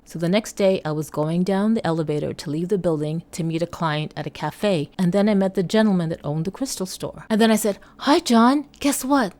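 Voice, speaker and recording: A woman's voice: lowish voice, fairly quick, few pauses. A woman vlogger telling a personal story in a casual, chatty way, acting out each exchange as she retells it. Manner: animated storyteller who acts out each exchange in her retelling.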